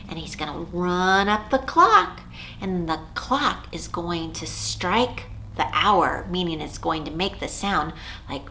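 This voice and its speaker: A woman librarian leading a storytime for young children, animated and sing-song, asking the kids questions. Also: medium pitch, slight background noise.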